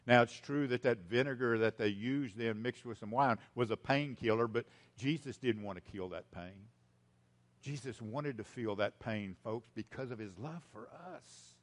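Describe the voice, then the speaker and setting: An older American man preaches a sermon, swinging between loud emphasis and hushed lines while repeating key phrases. His voice is mid-range.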